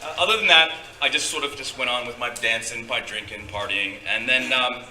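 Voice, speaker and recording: A man's voice: mid-range voice, brisk, bright, forceful tone, soft background music. A man telling a rambling live story on stage, with many fillers and restarts. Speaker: storyteller guest. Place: convention stage before a live audience. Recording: echoey hall, distant mic.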